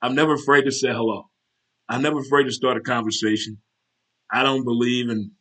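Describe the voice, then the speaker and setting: A man hosting his own casual talk show, animated and chatty, breaking into military cadence chants. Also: mid-range voice, fast. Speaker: show host.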